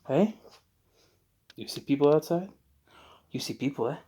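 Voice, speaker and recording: A man's voice: a little high, expressive, moderate pace, warm tone, breathy edge. A man vlogging at home, cooing at his dog and swearing casually as he talks.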